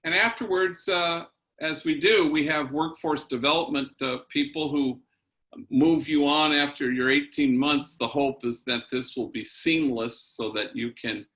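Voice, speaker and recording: A middle-aged priest delivering a keynote tells a story in a bright, forward voice that's fairly high with fairly even intonation. He takes his time, pausing on fillers and sprinkling in bits of Spanish slang.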